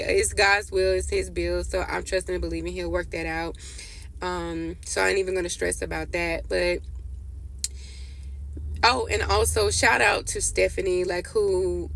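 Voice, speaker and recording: Woman vlogger, gravelly and flat-toned, rambling and tired, talking to followers like friends. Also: fairly low pitch. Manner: rambling, heartfelt, addresses viewers as y'all. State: tearful and worn out. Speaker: vlogger giving a personal update. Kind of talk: casual chat to followers.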